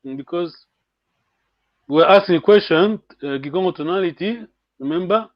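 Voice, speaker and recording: A man teaching a live online language class, patiently repeating words slowly and chuckling often, over a call microphone. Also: high-pitched, no echo. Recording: dull, dry lo-fi stream audio.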